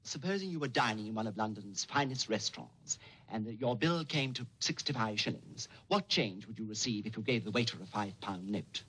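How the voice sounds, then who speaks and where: An actor playing a prim, excitable male tutor in a 1950s TV sitcom. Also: fairly low pitch, fairly quick, husky, full character voice, low-quality recording.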